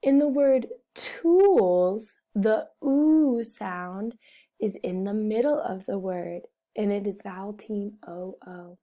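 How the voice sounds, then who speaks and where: A woman's voice: medium pitch, slow, warm tone. A woman teaching a phonics lesson to young children, carefully sounding out and repeating each word. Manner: over-enunciates words and repeats them, speaks to children. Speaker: first-grade teacher.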